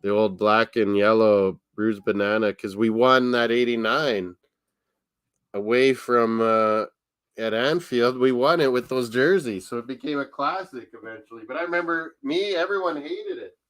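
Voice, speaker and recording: A man's voice: medium pitch, unhurried, a bit bright, smooth, dry recording. A man hosting a live sports watchalong, chatting in a rambling, casual way and laughing often. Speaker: watchalong host. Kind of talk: casual live-stream chat.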